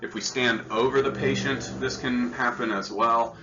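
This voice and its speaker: A man teaches hospital staff in an earnest, explanatory training lecture, often repeating himself as he works through each point. His mid-range voice has fairly even intonation and normal speed, and the recording is lo-fi with background noise.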